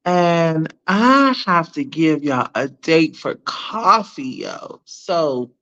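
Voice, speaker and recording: A woman with children chatting casually to viewers on a live stream, animated and blunt, laughing often and using slang. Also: low-pitched, drawn-out words. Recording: dull lo-fi sound.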